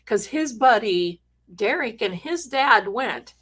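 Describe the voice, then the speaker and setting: A woman's voice: a little high, lively intonation, takes it slowly, slightly rough. A middle-aged woman hosting a live stream, telling a story in a chatty, dramatic way with jokey asides. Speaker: host.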